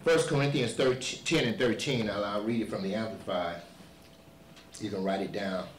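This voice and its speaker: A male pastor preaching a sermon, building to shouted emphasis and repeating himself to drive points home. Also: on the low side, moderate pace, slight background noise. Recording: echoey church hall, voice from far off.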